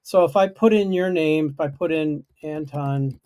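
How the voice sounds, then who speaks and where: A man's voice: fairly high pitch, moderate pace, mellow. A man chatting casually on a video-call livestream, explaining his project in a self-deprecating way. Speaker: guest programmer.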